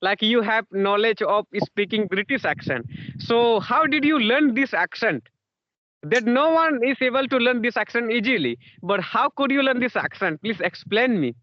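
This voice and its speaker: Guy with a really high voice asking questions, keeps saying you know, dry muffled sound. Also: lively intonation, normal speed, no room sound. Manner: repetitive, full of "you know" and "yes, yes". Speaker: interviewer. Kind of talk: casual conversation practice.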